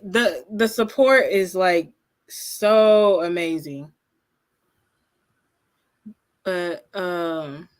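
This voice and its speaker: A woman co-hosting a live watch party, talking in an excitable casual way with lots of fillers. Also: on the low side. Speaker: livestream co-host.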